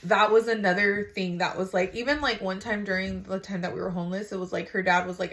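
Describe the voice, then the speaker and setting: A woman's voice: mid-range voice, fairly even intonation, fast, few pauses, a bit bright. A mother sharing a casual faith testimony, rambling and frank, with lots of "like" and some swearing.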